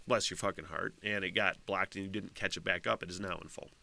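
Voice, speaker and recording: A man's voice: low-pitched, fairly even intonation, fast talker, vocal fry, sharp tone. A middle-aged man hosting his own podcast, chatting casually, swearing freely and reading a news story aloud with rambling asides. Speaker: podcast host. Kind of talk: casual solo podcast chat.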